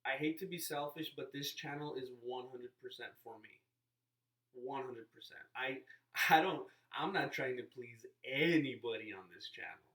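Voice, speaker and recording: Brief: male vlogger, middle pitch, rambling off-the-cuff monologue, a bit distant and roomy. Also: moderate pace, pushed and bright. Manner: rambling, self-interrupting, playfully mimics others. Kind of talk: casual vlog monologue. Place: inside a parked car.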